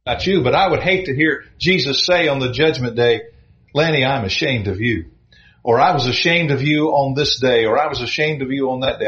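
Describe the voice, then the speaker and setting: A man preaching a sermon, reading scripture slowly and with emphasis between plain, earnest explanation. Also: mid-range voice, fairly bright tone. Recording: echoey dull room sound.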